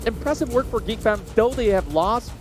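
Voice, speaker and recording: Excited male esports caster. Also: high-pitched, over music. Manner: energetic, fast-shifting delivery with sudden excited bursts. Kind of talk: live play-by-play commentary.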